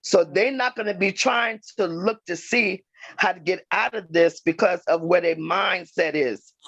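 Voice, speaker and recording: A man, a church elder, speaking frankly in a group discussion on a video call, clearing his throat often. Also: high voice, unhurried, a bit bright, dry recording, dull audio.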